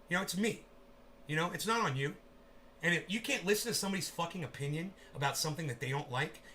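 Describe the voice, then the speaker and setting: A man livestreaming a profane rant, who swears constantly, bursts into shouting and acts out scenes in quoted voices. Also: a little high, slight background noise.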